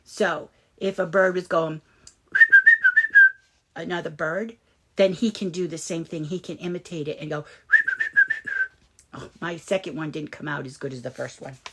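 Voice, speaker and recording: A woman reading a picture book aloud to children, pausing to explain words. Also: low-pitched, steady tone, heavy background noise. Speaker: children's story reader.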